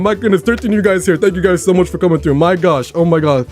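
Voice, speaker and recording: A young man live-streaming from his home room, rambling excitedly to his chat with a slightly worn voice. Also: high-pitched, fast, faint music behind. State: voice getting worn.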